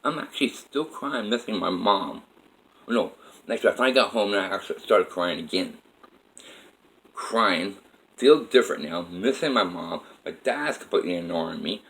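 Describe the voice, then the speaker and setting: A man's voice: low voice, expressive, normal speed, fairly bright tone, low-quality recording. A man telling a personal story in a rambling, repetitive way with many "like" fillers.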